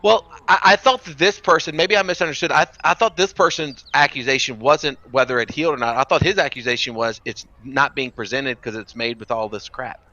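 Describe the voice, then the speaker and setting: A man's voice: medium pitch, brisk, few pauses, sharp tone, no echo. A man playing in a tabletop game, speaking hesitantly and stumbling over his words. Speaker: player. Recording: dry, dull lo-fi audio.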